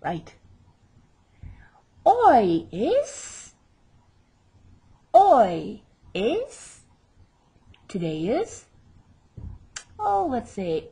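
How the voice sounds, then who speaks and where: Slow, husky-voiced woman teaching a lesson. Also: mid-range voice, sing-song, mellow. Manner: patient, repeats each word slowly for learners; light self-teasing humor. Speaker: Spanish teacher. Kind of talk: recorded language lesson.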